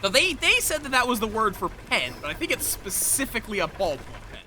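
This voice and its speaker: A man's voice: high-pitched, sing-song, fast talker, sharp tone, a little hiss or hum. A man chatting casually while streaming a game, rambling and talking to himself and his viewers. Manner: rambling, talks to himself and chat. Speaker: live streamer. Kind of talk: casual gameplay chat.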